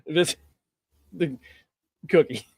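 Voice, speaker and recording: A man co-hosting a wrestling podcast, recapping the show in a relaxed way and laughing often. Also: on the high side, vocal fry, breathy edge, dry recording, studio quality. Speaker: podcast co-host.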